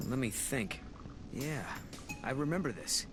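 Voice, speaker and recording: An actor playing an earnest young male hero in a video game cutscene, speaking calmly and thoughtfully. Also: mid-range voice, a little slow, close to an everyday voice. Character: earnest young male time-travelling hunter. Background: loud game music.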